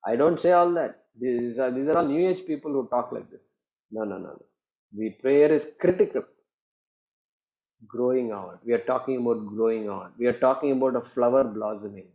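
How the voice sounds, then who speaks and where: A man teaching a class on scripture, talking in an animated way with many repetitions and acted-out quoted voices. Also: mid-range voice, moderate pace, highs cut off.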